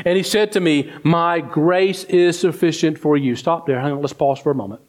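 Guy preaching, kinda high voice, goes up fast when he's mocking whiners then slows way down low on the bible bits. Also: darkish tone. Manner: rises high and quick in mock complaints, drops low and slow on scripture. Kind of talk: sermon.

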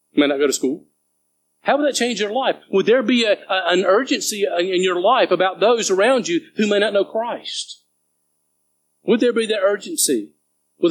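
A man's voice: high voice, slight background noise, rough recording. A man preaching a sermon to his church as pastor, earnest and urging, reading scripture aloud between stories.

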